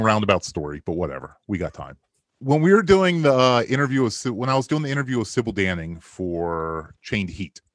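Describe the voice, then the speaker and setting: A man's voice: fairly low pitch, dry recording, clean studio sound. A man in his forties from Maryland, a podcast guest telling long roundabout stories with frequent laughs. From Maryland, USA. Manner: rambling storyteller, laughs often. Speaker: podcast guest, film commentary maker. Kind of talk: casual podcast chat.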